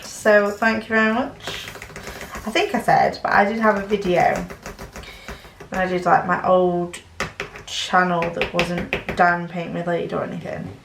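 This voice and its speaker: A woman's voice: medium pitch, creaky, noisy background. Rambling woman chatting in a roomy space. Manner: rambling, fast-talking. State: runny nose. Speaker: crafting vlogger. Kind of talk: casual chat while crafting. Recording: roomy, distant from the mic.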